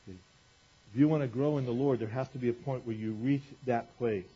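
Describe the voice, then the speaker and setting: A man preaching a sermon in an animated, conversational way, acting out quotes as he goes. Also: medium pitch, a little fast, breathy edge. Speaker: pastor. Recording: dull lo-fi recording.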